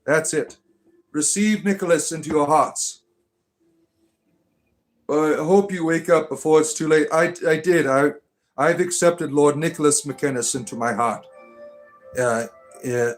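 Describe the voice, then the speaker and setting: An older man rambling through mock-spiritual replies to comments, halting and chuckling, with an irreverent deadpan manner. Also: a little high, faint music behind. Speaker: comedic spiritual character responding to comments. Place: Ireland.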